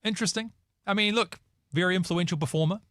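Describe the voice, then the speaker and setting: A man's voice: high voice, fast, no room sound, clean studio sound. Jokey New Zealand man hosting. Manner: lively, jokey, mocks in put-on voices. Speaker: host. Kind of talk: casual chat on a Christian news show.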